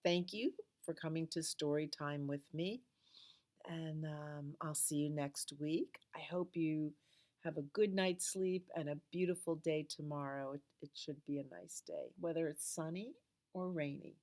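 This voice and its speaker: Slow, low-voiced woman reading a storybook. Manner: gentle, expressive read-aloud voice. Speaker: library storytime reader. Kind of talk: reading a picture book aloud to children.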